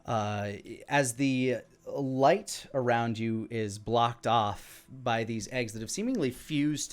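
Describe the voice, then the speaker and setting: A man's voice: medium pitch, smooth. A man narrating a tabletop game as dungeon master, describing scenes with frequent fillers.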